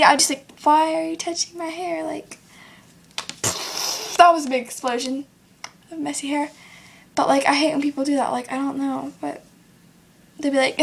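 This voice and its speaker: A teenage girl ranting casually to camera in a vlog, full of "like" and quick quoted voices of other people. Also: sits high, vocal fry. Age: teens. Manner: chatty, lots of "like", acts out others in quotes. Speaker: vlogger.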